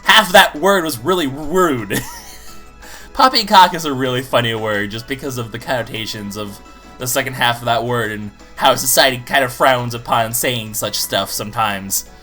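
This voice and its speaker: A let's play commentator chatting casually over gameplay, rambling and joking at their own expense, with excited bursts over characters. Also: mid-range voice, normal speed, soft background music. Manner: chatty, rambling, self-mocking jokes.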